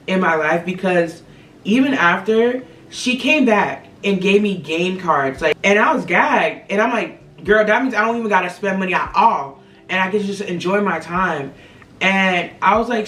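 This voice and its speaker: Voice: mid-range voice, fairly bright tone. A content creator telling a personal motivational story to viewers in a chatty, filler-heavy way, often calling them guys and y'all. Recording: roomy, slightly distant, faint ambient noise.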